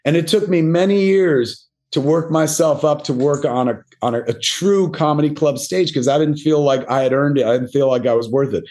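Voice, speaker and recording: A man's voice: a little high, moderate pace, hardly any pauses, a little mellow. Profane, rambling middle-aged man. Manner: profane, rambling anecdotal delivery with many fillers; self-deprecating. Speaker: podcast guest. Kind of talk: casual storytelling interview.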